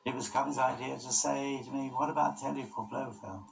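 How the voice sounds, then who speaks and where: A man's voice: mid-range voice, steady tone, a little fast, background noise. An older man, a filmmaker, recalling a film production in an interview in a reflective way. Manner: gravelly, reflective recollection. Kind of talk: interview recollection. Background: music.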